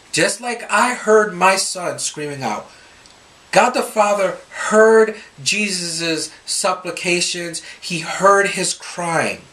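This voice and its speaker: A man giving a Scripture reflection for a youth ministry, telling stories animatedly and acting out the people he quotes. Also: high-pitched. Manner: animated storytelling, quoting others in voices.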